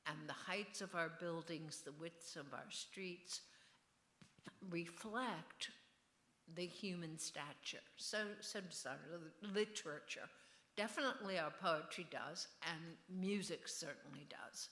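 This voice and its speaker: An older woman speaks slowly in a low voice with a bright, forward edge, musing and wandering wryly through her thoughts. It sounds like an author answering questions at a festival venue, and the room adds a noticeable echo. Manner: musing, digressive and wry. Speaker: novelist being interviewed. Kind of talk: on-stage author conversation. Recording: roomy echo.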